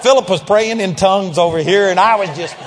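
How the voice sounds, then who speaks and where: A man preaching, telling a story in an animated, emphatic way and calling out amen. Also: high voice, fairly quick, long reverb tail. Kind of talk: storytelling sermon.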